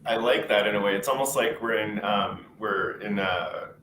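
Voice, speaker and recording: Moderator in a roomy, noisy recording. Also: male voice, fairly low pitch, normal speed. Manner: relaxed, thinks aloud before passing the turn. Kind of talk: moderating a webinar panel. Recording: roomy audio with audible noise.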